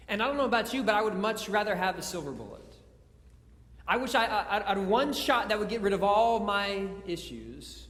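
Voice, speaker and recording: High-voiced preacher in an echoey church. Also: male voice, animated, moderate pace, a bit bright. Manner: conversational, joking preaching with stumbles and repeats. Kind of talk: sermon. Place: church sanctuary.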